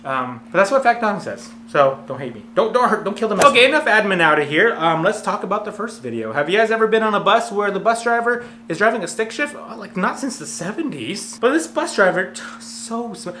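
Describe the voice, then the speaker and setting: A man hosting comedic commentary on fail videos from a warehouse, talking in an energetic, jokey, self-mocking way. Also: high-pitched, brisk, hardly any pauses. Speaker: host of a fail commentary channel. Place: warehouse full of clothes. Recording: echoey warehouse with a faint hum.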